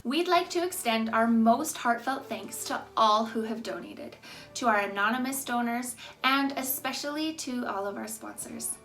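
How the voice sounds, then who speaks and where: A woman host with a high, bright voice reads the closing thanks and a long list of sponsors. Her delivery is upbeat and scripted, and faint music plays underneath. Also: normal speed. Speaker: show host. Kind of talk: scripted announcement.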